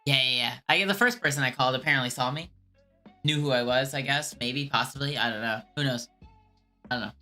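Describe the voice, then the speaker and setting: A woman chats casually with her live-stream audience in a low, bright-edged voice. She hesitates often and trails off. Faint music plays behind her. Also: a little fast. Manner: hesitant, trailing off with many fillers.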